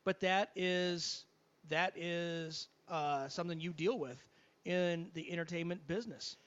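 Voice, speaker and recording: A man's voice: fairly high pitch, a little slow, smooth. A man co-hosting a casual chat, telling stories from playing in a band and laughing often. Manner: laughing storyteller, often trailing off quietly. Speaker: podcast co-host, former band musician. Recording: muffled lo-fi sound.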